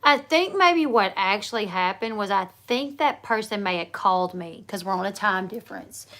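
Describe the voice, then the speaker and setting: A woman's voice: medium pitch, lively intonation, normal speed, fairly bright tone. A woman hosting a casual livestream chat, telling rambling stories with many fillers and restarts. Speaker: livestream host.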